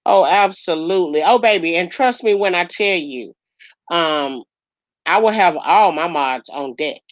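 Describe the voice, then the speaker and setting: A woman's voice: fairly low pitch, measured pace, dry recording, lo-fi sound. A woman hosting a casual livestream chat, talking affectionately and calling people baby and honey. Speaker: livestream host.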